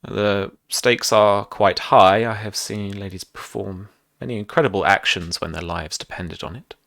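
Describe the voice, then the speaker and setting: A man voicing a courtly male spymaster lord who speaks in a measured, formal way. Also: lowish voice, fairly even intonation, gravelly, fairly bright tone.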